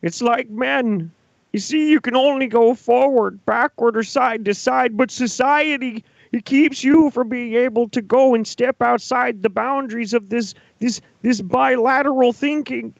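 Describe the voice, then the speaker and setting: A man doing a high, sobbing, whiny lecturer. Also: a little slow, gravelly, no echo, lo-fi sound, full character voice. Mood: whiny lecturing. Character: whiny, tearful grown man lecturing on chess and society.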